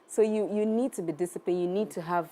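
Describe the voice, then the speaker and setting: A woman's voice: lowish voice, quick pace, a loud crowd. A woman, an actress guest giving earnest advice in an interview. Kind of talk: interview answers. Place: TV studio.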